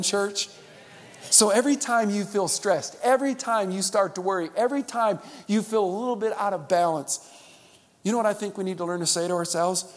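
A male pastor preaching a sermon, calling on the church to repeat after him and swinging between loud and hushed. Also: on the high side. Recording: long hall reverb.

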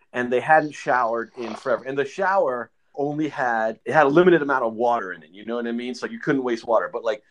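A man co-hosting a veterans' podcast, telling stories in an animated, swearing way. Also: mid-range voice. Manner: animated, swearing, quick to react. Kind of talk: casual storytelling chat.

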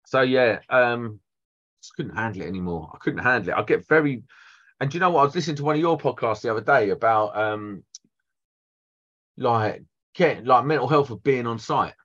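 A man's voice: mid-range voice, fairly quick, fairly bright tone. A man, a guest electrician telling blunt, sweary stories in casual chat. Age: 40s. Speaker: electrician guest on a trade podcast. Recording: dull lo-fi podcast audio.

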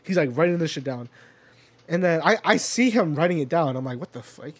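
A man's voice: fairly high pitch, expressive, brisk. A young man in casual chat, telling a long rambling story full of fillers and swearing. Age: young adult. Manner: rambling, filler-heavy, swears, chuckles while telling stories.

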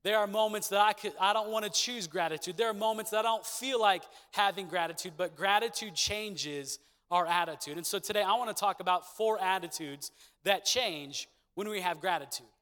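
A man's voice: high-pitched, moderate pace, bright, forceful tone, smooth. A young man preaching a sermon in a church and calling for responses from the congregation. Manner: preaching with call-and-response, repeated catchphrases. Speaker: pastor. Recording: long echo of a big hall.

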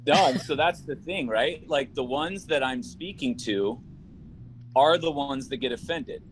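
A man's voice: mid-range voice, a little slow, poor audio. Blunt man with faint background noise. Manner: blunt, emphatic, swears casually. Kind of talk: casual conversation.

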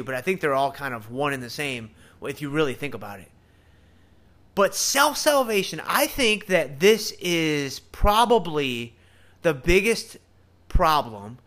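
A man with a Southern US drawl hosting a podcast, talking earnestly and casually about faith straight to his listeners. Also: a little high. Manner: earnest, animated, addresses listeners directly. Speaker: podcast host.

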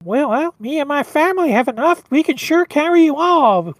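A woman's voice: high-pitched, lively intonation, normal speed, no echo, voice pushed up. A woman voicing a young male reindeer with a whiny, nasal voice in a tabletop game. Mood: eager.

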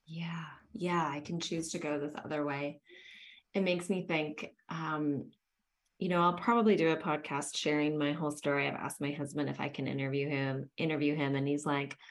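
A woman's voice: low voice, steady tone, moderate pace. A woman hosting a podcast, telling personal stories in an earnest, reflective way. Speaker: podcast host. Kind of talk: casual podcast conversation.

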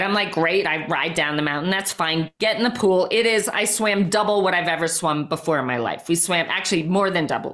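A middle-aged woman with a somewhat low-pitched voice tells a story as an interview guest. She speaks emphatically and lively, scattering "like" through her sentences and acting out her own thoughts. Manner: emphatic, lots of "like" and quoted self-talk. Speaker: guest, former triathlete and life coach. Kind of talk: animated personal storytelling.

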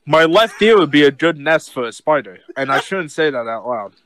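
A man chatting as a podcast co-host, rambling and self-mocking in a casual, animated way. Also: a little high, normal speed, dry recording. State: deaf in left ear. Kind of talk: casual chat.

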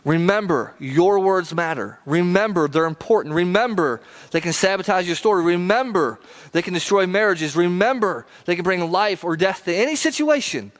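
High-voiced man preaching a sermon. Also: expressive. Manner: earnest, repetitive preaching with quick runs and slow emphatic beats. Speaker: pastor.

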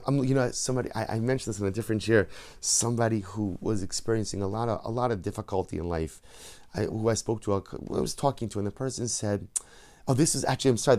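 Animated rabbi giving a sermon. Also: male voice, lowish voice. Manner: animated, rising to emphatic peaks and dropping to soft asides. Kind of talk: Torah class sermon.

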